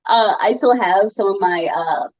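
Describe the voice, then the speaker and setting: On a podcast, a female co-host talks in a mid-range voice at normal speed, rambling through casual chat full of fillers and restarts. The audio sounds dull.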